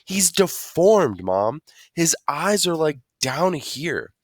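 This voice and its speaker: A man's voice: fairly high pitch, big pitch swings, slow, no room sound, studio quality, voice pushed up, exaggerated voice. Man doing a worked-up schoolboy. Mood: insistent. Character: middle-school boy, blunt and worked up. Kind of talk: storybook read-aloud.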